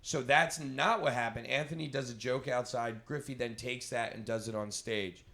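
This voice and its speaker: Profane, animated podcast co-host man. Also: medium pitch, moderate pace. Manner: profane, teasing, animated storytelling. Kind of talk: casual crude banter. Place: podcast studio.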